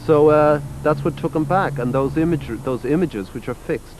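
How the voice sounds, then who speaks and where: A man's voice: fairly high pitch, moderate pace, darkish tone, a little hiss or hum, low-quality recording. A man in his forties from Ireland with an Irish accent, a musician talking in a casual interview, rambling and blunt and swearing freely. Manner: rambling, blunt and profane, full of "you know" fillers.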